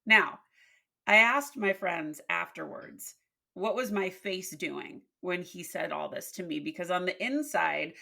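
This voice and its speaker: A woman's voice: lowish voice, unhurried, gravelly. A woman leadership coach telling workplace stories as a podcast guest, acting out the dialogue as she goes. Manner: expressive storyteller, acts out dialogue. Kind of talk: storytelling interview.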